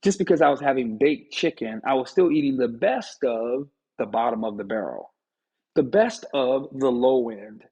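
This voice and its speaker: This motivational speaker addresses the viewer head-on with a medium-pitched, slightly mellow voice carrying a breathy edge, at a normal pace. Preachy and playful, he teases the audience to make his point; the sound is dull and lo-fi.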